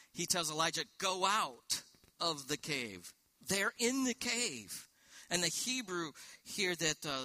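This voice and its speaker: A man delivers a sermon with a very bright, forceful voice, pitched a little higher than most men. He works through scripture with rhetorical questions and quoted verses. The sound is dry and close. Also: dry recording. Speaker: pastor.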